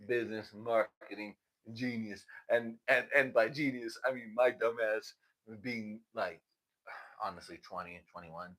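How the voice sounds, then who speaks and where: A man's voice: lowish voice, normal speed, sharp tone. A man hosting a casual livestream, telling stories with plenty of swearing and laughter. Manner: profane, laughing storyteller. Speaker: livestream host.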